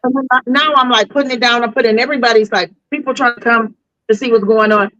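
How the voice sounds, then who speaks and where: A woman's voice: fairly high pitch, fast talker, no room sound, highs cut off, faint music behind. A woman, a delivery driver guest on a podcast, telling a story casually and animatedly with slang. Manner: animated, slangy, acts out voices.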